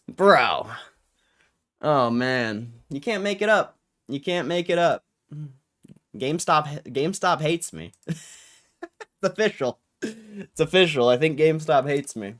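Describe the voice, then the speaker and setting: A man's voice: fairly high pitch, expressive, unhurried, long pauses, a bit bright. A young man hosting a livestream, ranting in an annoyed, swearing way with frustrated laughs. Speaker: livestream host. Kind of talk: casual livestream rant.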